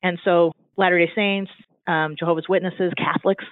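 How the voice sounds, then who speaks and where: A man from Southern California talks as a guest in a chatty, animated way, often restarting his sentences. His voice sits high. The sound is thin and phone-like and completely dry. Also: moderate pace, dry recording. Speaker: guest, divinity student. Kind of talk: casual conversation.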